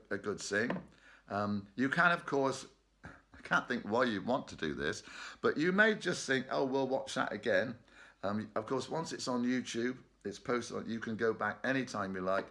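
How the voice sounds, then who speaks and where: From his bedroom, a choir leader runs a casual online rehearsal, full of chatter, jokes, and frequent laughter. He speaks on the low side with a slightly bright tone.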